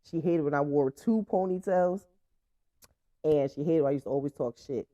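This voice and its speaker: A woman's voice: deep voice, normal speed, dark tone, no echo. A young woman hosting her own show, telling stories in a blunt, profane, laughing way. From Franklin, Virginia, USA. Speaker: podcast host. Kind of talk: casual storytime monologue. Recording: dull, dry lo-fi sound.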